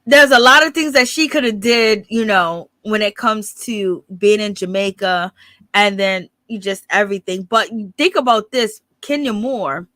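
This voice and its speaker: A woman's voice: medium pitch, unhurried, a bit bright, no room sound. A woman hosting her channel, giving rambling, blunt and profane live gossip commentary. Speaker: channel host.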